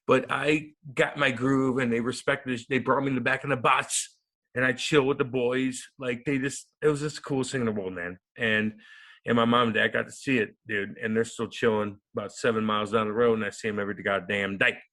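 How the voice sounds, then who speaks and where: Animated, foul-mouthed storytelling man. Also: medium pitch, brisk. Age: 30s. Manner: animated, profane, acts out quotes. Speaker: podcast guest, former hockey player. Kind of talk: casual storytelling interview.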